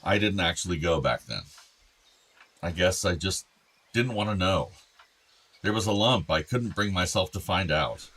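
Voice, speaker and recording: An actor playing an ailing older father in a radio drama, soft-spoken, tender and apologetic. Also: low voice, normal speed, long pauses, breathy edge.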